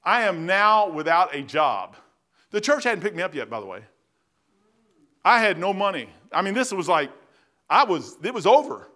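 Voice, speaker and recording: A man's voice: sits high, very animated, normal speed, pauses often, sharp tone. A man preaching a sermon in a church as its pastor, telling stories in a folksy, plain-spoken way with bursts of emphasis. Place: church sanctuary.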